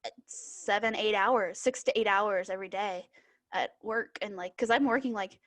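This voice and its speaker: A woman's voice: mid-range voice, normal speed, fairly bright tone. A young woman co-hosting a casual podcast, chatting with lots of fillers and restarts. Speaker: podcast co-host, bookseller. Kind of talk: casual chat.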